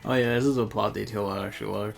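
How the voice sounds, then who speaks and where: Gravelly, sweary man streaming games. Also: fairly low pitch, steady tone, fast, soft background music. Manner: rambling, offhand, sweary. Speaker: streamer playing a mobile game. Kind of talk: casual gaming stream chat.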